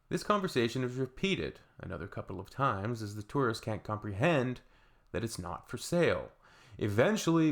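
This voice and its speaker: Gravelly Canadian man reading comments. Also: on the low side, fairly bright tone. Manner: dry sarcastic asides. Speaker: reaction video host.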